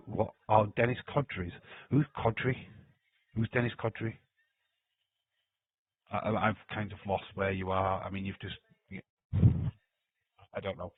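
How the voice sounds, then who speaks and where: Husky man on a lo-fi stream. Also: mid-range voice, normal speed, pauses often, no room sound. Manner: joking, teasing, laughs often. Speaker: livestream host. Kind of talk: live watch-along chat, reading comments aloud. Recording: dry, phone-like lo-fi sound.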